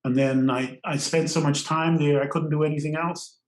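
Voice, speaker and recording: An older man from Trinidad, a podcast guest, telling stories in an animated way and laughing often between phrases. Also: on the high side, moderate pace, reverberant, poor audio. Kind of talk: storytelling interview.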